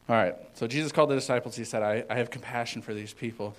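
A man giving an informal sermon as a youth pastor, rambling with many fillers and swinging between loud and hushed. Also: medium pitch, fairly even intonation, fast talker, hardly any pauses, slight background noise, poor audio.

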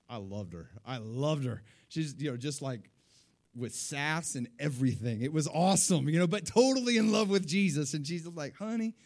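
A man telling a personal faith testimony in a casual storytelling way, moving between hushed quotes and excited outbursts. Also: medium pitch. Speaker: speaker sharing a testimony.

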